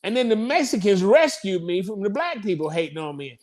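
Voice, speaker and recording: A man, a comedian telling stories in a casual interview, profane and quick to laugh between rambling asides. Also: high voice, big pitch swings. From United States. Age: 50s. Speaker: comedian guest.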